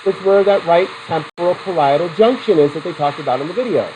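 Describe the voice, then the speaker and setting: In a low-quality recording with slight background noise, a middle-aged man lectures on psychology at a fast clip. His fairly high voice stays animated as he asks the students questions and recounts personal stories.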